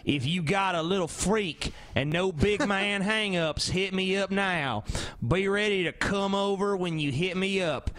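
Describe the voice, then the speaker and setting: A man co-hosting a podcast, slightly high-voiced, reading ads out loud in a mocking tone. He swears freely through loose, crude banter. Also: a little slow, few pauses, dry recording. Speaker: podcast co-host.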